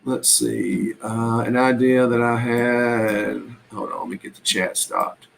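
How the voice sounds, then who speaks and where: A man's voice: medium pitch, fairly even intonation, takes it slowly, creaky, a bit bright, slight background noise, poor audio. A man chatting casually on a live stream about reselling, rambling in a folksy way with lots of ums and restarts. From Southern United States.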